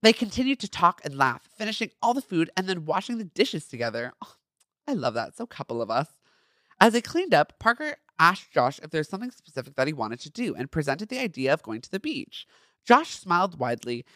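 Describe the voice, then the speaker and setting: A man's voice: fairly high pitch, big pitch swings, fairly quick, a bit bright, dry recording, studio quality. A man hosting a podcast, reading his own fan fiction aloud and breaking off into campy, sassy asides. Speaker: podcast host.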